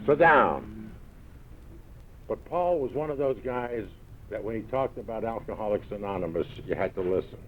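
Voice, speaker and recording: A man with a New York accent telling gruff, punchy stories to a meeting audience, full of quoted one-liners. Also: fairly low pitch, slight background noise. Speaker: recovery meeting speaker. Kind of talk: storytelling talk to an audience. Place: large event hall. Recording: tinny old 1970s tape recording.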